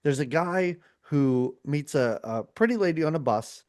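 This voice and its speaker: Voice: medium pitch, animated, measured pace, darkish tone, no room sound, clean studio sound. A podcast host talking in a casual, rambling way, full of fillers and restarts. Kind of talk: casual chat.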